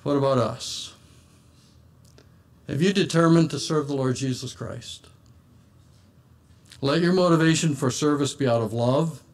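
A man's voice: medium pitch, measured pace, pauses often. A man preaching an earnest sermon and reading scripture aloud in old-fashioned wording.

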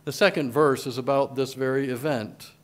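With a steady tone and medium pitch, a man delivers a sermon at a moderate pace. As pastor, he reads old-style scripture with swelling, emphatic force.

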